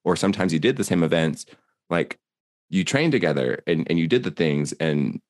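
Deep-voiced man, dry close sound. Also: expressive, normal speed, no room sound. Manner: rambling, many fillers and restarts. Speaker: podcast co-host. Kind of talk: casual chat.

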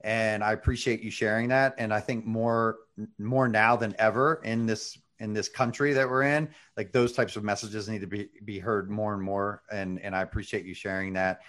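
Man, fairly low voice, interview host, appreciative, wordy. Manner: warmly appreciative, wordy thanks. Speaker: podcast host. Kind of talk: interview wrap-up.

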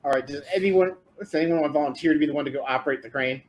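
A man's voice: on the high side, rapid-fire, poor audio. A man acting as game master in a tabletop role-playing game, patiently explaining the rules.

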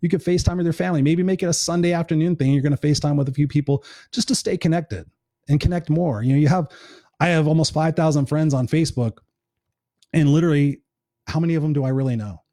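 A middle-aged man talking quickly in an earnest, encouraging live-stream chat. His voice sits a bit high but sounds dark and mellow. The sound is dry and close, with no room around it. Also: no room sound. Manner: earnest, encouraging, swears casually. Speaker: live show host.

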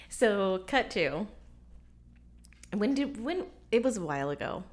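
Laughing, animated woman in her forties. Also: medium pitch. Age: 40s. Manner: animated storyteller, laughs often, many "like"s. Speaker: podcast host. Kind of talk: casual chat among friends.

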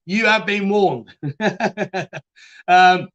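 A man's voice: sits high, extremely slow, a bit bright, highs cut off. A man hosting a casual live chat stream, reading viewer comments aloud and laughing often. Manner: chatty, laughs often, trails off and restarts.

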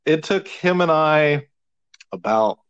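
A man as a podcast guest telling an animated, profane story in casual conversation. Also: on the high side, slow pace, clean tone, no room sound, dull audio.

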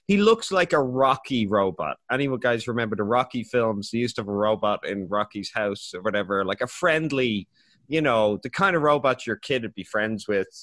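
A man's voice: on the low side, moderate pace. A man hosting a casual podcast, ranting with swearing and laughter. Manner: swearing, laughing, animated rants. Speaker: podcast host. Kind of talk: casual chat.

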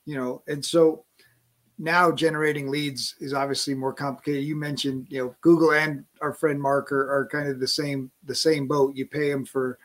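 A man hosting a podcast interview, asking questions in a friendly way with halting restarts. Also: medium pitch, level tone. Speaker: podcast host.

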